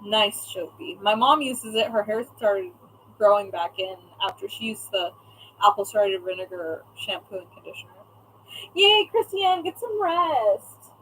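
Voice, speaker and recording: A woman's voice: mid-range voice, animated, a little slow, fairly bright tone, a little hiss or hum, low-quality recording. A young woman chatting casually on a live stream as a craft shop owner, reading out viewer comments and swearing now and then.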